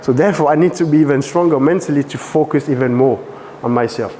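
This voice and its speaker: French-accented male dance coach, lively workshop teaching, reverberant room. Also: a little high, quick pace, a little hiss or hum. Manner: animated, asks frequent check questions.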